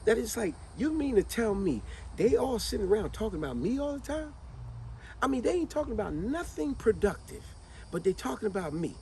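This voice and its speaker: A man's voice: high voice, very animated, a little fast, mellow, a little hiss or hum. A man giving a motivational monologue, speaking in with an emphatic, conversational manner and frequent questions to the listener.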